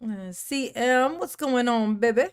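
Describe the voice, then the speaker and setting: A woman's voice: fairly high pitch, a little slow, smooth. A woman hosting a casual livestream, greeting her viewers one by one with pet names, calling herself Mama, and laughing often. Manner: calls herself Mama in the third person. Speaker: livestream host. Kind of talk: casual live-stream chat greeting viewers.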